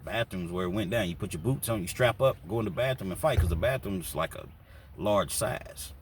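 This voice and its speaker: A man's voice: sits low, a little fast. A man telling a prison story in a loose, rambling way with lots of "you know, man", recorded from a distance with faint background noise. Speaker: storyteller recounting prison life. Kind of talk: casual spoken storytelling.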